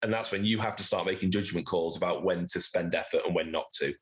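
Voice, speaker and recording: A man acting as game master, explaining the rules of a tabletop game in a relaxed, chatty way. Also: sits low, quick pace, slight background noise. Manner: relaxed, explanatory, chuckles at own jokes.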